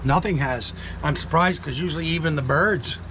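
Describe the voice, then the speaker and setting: A man's voice: fairly high pitch, normal speed, background noise. A man rambling in a casual vlog, chatty and self-deprecating, swearing now and then as he moves around his home and yard. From Canada. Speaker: vlogger. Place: home and yard with animals, partly outdoors.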